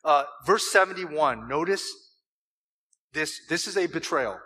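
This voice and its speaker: A man's voice: on the high side, animated, measured pace, bright, forceful tone, slightly rough. A man preaching a sermon to a church congregation, emphatic and full of rhetorical questions. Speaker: pastor.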